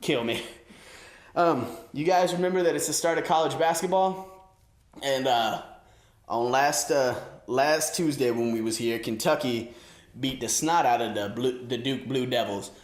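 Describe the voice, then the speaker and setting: A man's voice: medium pitch, a little slow, echoey room. A man in his twenties riffing on sports in a loose, slangy comedy set, a little winded. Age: 20s. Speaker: host. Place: room with an audience.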